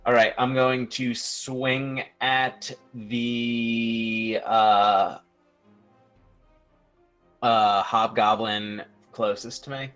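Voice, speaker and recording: A man's voice: medium pitch, little pitch movement, extremely slow, a bit bright, faint music behind. A man playing in a tabletop game, stating his moves in a plain, matter-of-fact way. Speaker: player. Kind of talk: casual tabletop play.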